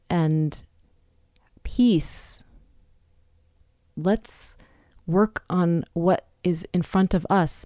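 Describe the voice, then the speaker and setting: A woman's voice: fairly low pitch, mellow, no room sound, clean studio sound. A woman in her fifties hosting a solo podcast, talking in a chatty, candid, self-deprecating way. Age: 50s. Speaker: podcast host. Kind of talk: casual solo podcast talk.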